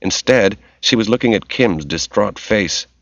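A man giving steady, measured scripted narration of a novel, in a dull, lo-fi audiobook recording. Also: lowish voice, vocal fry, dry recording.

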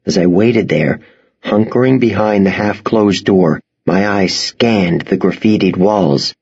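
A man reading a first-person audiobook narration in a tense, expressive storytelling manner. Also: sits low, unhurried, creaky, breathy edge, dull audio.

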